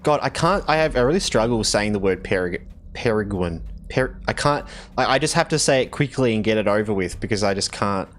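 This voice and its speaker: A man's voice: fairly low pitch, lively intonation, brisk, slight background noise. Chatty Australian man streaming games. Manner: playful, laughs often, chats with viewers. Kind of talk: casual game stream chat.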